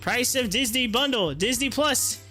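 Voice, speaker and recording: A man's voice: very high-pitched, animated, unhurried, bright, forceful tone, faint music behind. A man hosting a stock market live stream, chatting casually, rambling, teasing his viewers and laughing often. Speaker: stock market livestream host.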